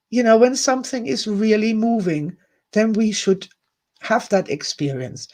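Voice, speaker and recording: A woman's voice: mid-range voice, darkish tone. Emotional woman streaming a candid talk. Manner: candid, emotional, swears, repeats words. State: emotional, teary. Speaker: host. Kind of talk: live-streamed personal talk to viewers.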